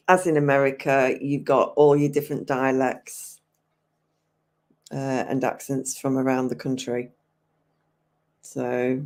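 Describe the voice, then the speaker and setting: A low, mellow English woman in her fifties chats easily on a livestream. She takes her time, answering viewers' comments aloud and laughing often as she goes. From England. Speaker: livestream host. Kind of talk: casual chat with viewers.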